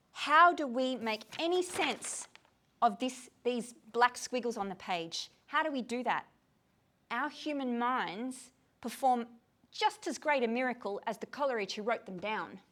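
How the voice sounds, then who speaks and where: Woman speaker, fairly high voice, tired but lively with a group audience. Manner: animated, asks the audience many questions. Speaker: speaker leading a poetry discussion. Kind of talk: informal lecture to a group. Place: room with a gathered audience.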